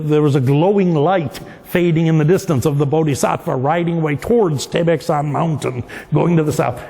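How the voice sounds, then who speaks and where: A man with a slightly high, gravelly voice tells a legend as a lecture. He explains as he goes and often restarts his phrases. The sound rings with the long reverb of a large temple hall. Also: a little mellow. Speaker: professor giving a dharma talk. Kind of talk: storytelling lecture.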